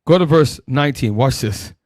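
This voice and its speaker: A man leading a Bible teaching sermon, calling out verses and swinging between loud emphatic bursts and low asides. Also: expressive, normal speed, no echo. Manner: calls out verses and directs helpers.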